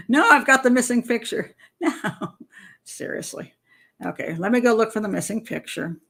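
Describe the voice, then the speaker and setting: A woman's voice: a little high, expressive, measured pace, vocal fry, pauses often, sharp tone, slightly rough. A woman hosting a true crime show, commenting on a case in a chatty, digressive way and laughing often. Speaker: criminal profiler host.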